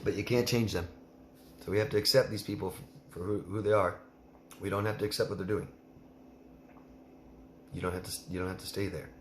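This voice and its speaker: A man's voice: deep voice, fairly even intonation, brisk, pauses often, roomy sound, noisy background. A man coaching a listener in a live Q&A, blunt and emphatic, repeating her name as he gives advice. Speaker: life coach.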